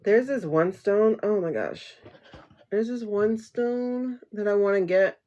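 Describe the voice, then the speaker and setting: A woman's voice: mid-range voice, slow, mellow, muffled recording. A woman hosting a casual tarot livestream from home, rambling and chatty, laughing often as she talks to viewers through her phone.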